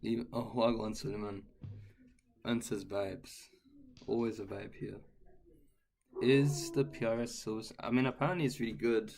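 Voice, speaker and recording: A man's voice: on the low side, fairly even intonation, moderate pace, vocal fry, long pauses. A man chatting casually with viewers on a live guitar stream and reading their comments aloud.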